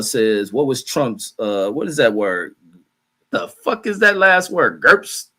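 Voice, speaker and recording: A man hosting a stream, reading viewer comments aloud and ranting bluntly in casual, heated commentary. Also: medium pitch. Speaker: livestream host reading chat.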